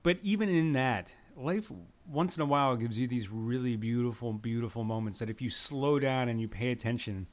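A man's voice: medium pitch, moderate pace. Rambling young man hosting a podcast. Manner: rambling, self-deprecating, earnest storytelling. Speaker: podcast host. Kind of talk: casual solo podcast monologue. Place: home room with an open window. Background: occasional breeze from an open window.

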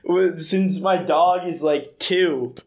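Brief: fairly high-voiced podcast co-host, giggly and self-deprecating. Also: male voice, slow pace, darkish tone. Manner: self-mocking, giggly storyteller. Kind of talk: casual storytelling chat.

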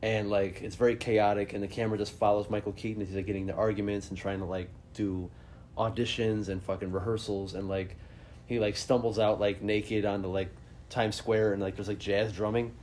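A man co-hosting a podcast in casual, profane chat, loud and animated as he reacts to a song and laughs often. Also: on the low side, fairly quick, slight background noise. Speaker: podcast co-host.

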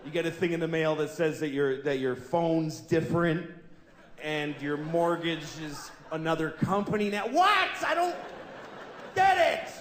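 Animated stand-up comic in an echoey hall. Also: male voice, a little high, normal speed. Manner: deadpan and exasperated, bursting into shouted voices of animals and people. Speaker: stand-up comedian. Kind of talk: stand-up comedy routine. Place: large theater stage with a live audience. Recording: echoey live hall with audience noise.

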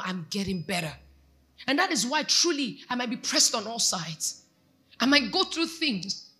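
A woman's voice: a little high, bright, forceful tone. A Nigerian woman pastor preaching a sermon, exhorting her congregation and asking them questions. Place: church.

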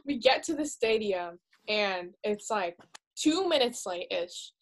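A teenage girl retelling a story to friends in casual chat, excitable and breathless, with frantic gasps. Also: mid-range voice, slow pace. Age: teens.

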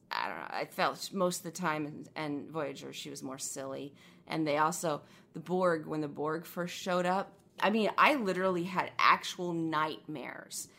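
A woman co-hosting a casual fan discussion, animated and quick to laugh as she tells stories. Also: low voice, vocal fry, slight background noise. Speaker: podcast co-host.

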